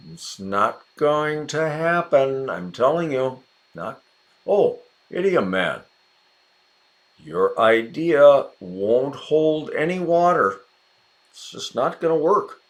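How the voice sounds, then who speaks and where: Relaxed and conversational, an American man teaches English, naming and encouraging his viewers as he goes. His delivery is slow and deliberate, and his voice rises and falls a great deal.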